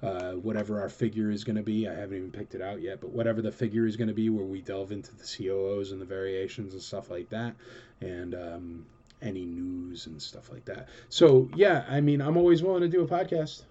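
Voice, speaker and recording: A man chats casually as a show host, working through viewer questions in a rambling, enthusiastic way. His voice is mellow and relaxed. The recording sounds slightly dull and lo-fi. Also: fairly low pitch, fairly quick. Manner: rambling and enthusiastic, with many fillers. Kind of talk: casual chatty Q&A.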